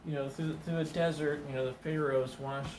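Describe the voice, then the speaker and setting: A man whose voice sits on the high side tells a meandering stand-up story fairly quickly and in a steady tone. He restarts often, leans on fillers, and mimics the people involved, all captured by a distant mic with reverb and background noise.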